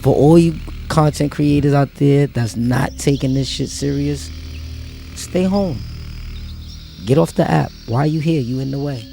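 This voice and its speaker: A man's voice: medium pitch, vocal fry, dark tone. A man vlogging, delivering an emphatic, preachy motivational rant full of street slang and repeated phrases.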